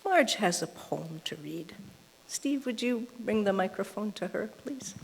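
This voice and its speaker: A woman's voice: medium pitch, expressive, unhurried, creaky, slight background noise. A woman moderating a poetry reading with brief, polite prompts, speaking from a distance. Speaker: group moderator. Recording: distant, reverberant hall.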